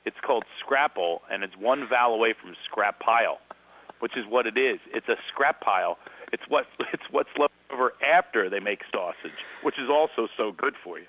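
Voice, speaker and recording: A middle-aged comedian with a Philadelphia accent guests on a radio show, rattling off jokes and laughing in the middle of sentences. His medium-pitched voice is expressive and moderately paced, though the recording is muffled.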